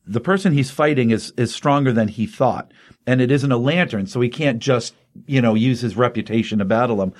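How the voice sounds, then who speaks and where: A man co-hosting a casual comic book chat, retelling a comic's plot with energy and loosely quoting the characters. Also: mid-range voice. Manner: animated storyteller, quoting characters loosely without voices. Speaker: comic book podcast co-host.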